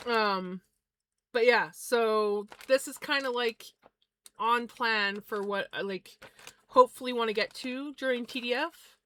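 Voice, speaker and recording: Slow-talking, easygoing woman streamer. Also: a little high, a bit bright. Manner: chatty, easygoing and a bit scattered. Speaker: livestreamer spinning yarn. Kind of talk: casual livestream chat.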